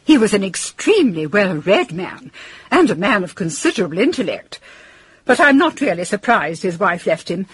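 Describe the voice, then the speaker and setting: Prim earnest woman, hesitant, husky voice, dry close sound, lively intonation. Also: mid-range voice, moderate pace, no echo, full character voice. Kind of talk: radio drama acting.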